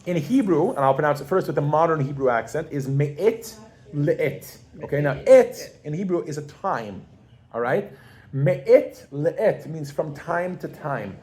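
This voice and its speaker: A pregnant woman leads a classroom lesson in a casual, animated way. She keeps firing questions at her students and talks with easy fillers and restarts. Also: deep voice, moderate pace. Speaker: Yiddish teacher.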